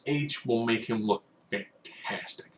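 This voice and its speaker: A man giving a casual, rambling spoken recap, now and then acting out quotes in loud bursts. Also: mid-range voice, slow pace, slight background noise. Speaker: wrestling recap host.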